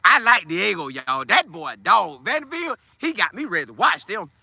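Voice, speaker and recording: Animated high-voiced man talking football. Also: moderate pace, gravelly, husky, no room sound. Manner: animated, trash-talking, Southern Black vernacular slang. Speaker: sports podcast host. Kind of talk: casual football commentary monologue.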